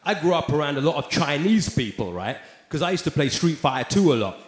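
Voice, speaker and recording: On stage before a big live audience, an animated London-accented comedian from England swears liberally and voices hecklers loudly. He speaks briskly and on the high side, and the echoey recording is very noisy with laughter from the crowd.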